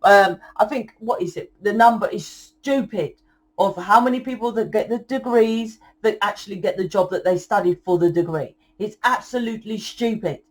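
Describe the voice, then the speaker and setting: A young woman giving a channeled tarot reading in a forceful, blunt lecturing way, swearing often. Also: medium pitch. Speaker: tarot reader.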